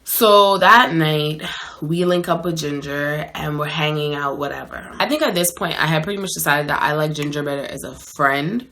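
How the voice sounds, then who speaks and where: A woman's voice: low voice, moderate pace, bright, forceful tone. A woman telling a dating story in a casual, slangy, chatty way, with plenty of "like" and "so anyways".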